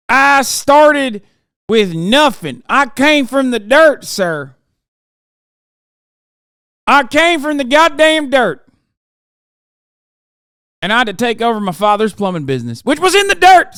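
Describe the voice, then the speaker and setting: A whiny, bootlicking senator squeals his servility in a high, strained voice, every word dripping with exaggerated subservience, as a streamer puts him on. The voice is smooth and close, with no room sound behind it. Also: sharp tone, dry recording, full character voice. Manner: shrill mocking parody, strained and exaggerated.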